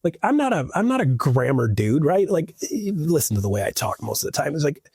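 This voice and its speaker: A man's voice: on the high side, big pitch swings, a little fast, a little mellow, slightly rough, dry recording, clean studio sound. A man talking as a podcast guest in loose, rambling chat, full of restarts and "like".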